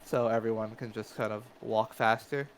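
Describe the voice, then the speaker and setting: A man's voice: lowish voice, fairly even intonation, moderate pace, a little hiss or hum, rough recording. A man narrating as game master of a tabletop game, hesitant and full of fillers.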